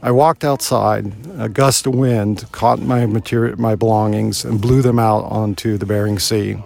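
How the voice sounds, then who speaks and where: A middle-aged man telling a personal story in an earnest, reflective way, with halting pauses. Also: lowish voice, fairly even intonation, creaky, darkish tone.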